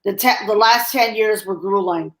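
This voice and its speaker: A woman's voice: mid-range voice, normal speed. A woman hosting a podcast interview, answering her guest with sympathetic, brief affirmations. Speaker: podcast host. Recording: echoey room.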